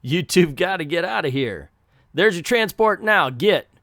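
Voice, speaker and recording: A man's voice: sits high, animated, measured pace, a bit bright, dry recording, clean studio sound, voice pushed up, heavily acted. A man doing a Southern-drawled cemetery caretaker. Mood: bossy. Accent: American Southern. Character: gruff male cemetery caretaker.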